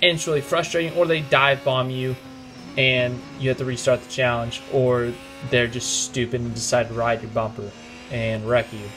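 A young man commentating his own racing game run, frustrated and ranting in quick outbursts. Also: mid-range voice, fairly even intonation, a bit bright. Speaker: gaming commentator. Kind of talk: live gameplay commentary.

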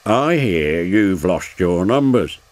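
A man voicing a stern, brisk male railway boss. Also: deep voice, very animated, no echo, exaggerated voice.

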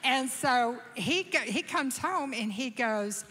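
A woman telling a lively story from the stage at a church conference, acting out the voices of the people in it. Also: high voice, slow. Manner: animated, acts out quoted voices. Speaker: conference speaker. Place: large church auditorium. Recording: reverberant hall sound.

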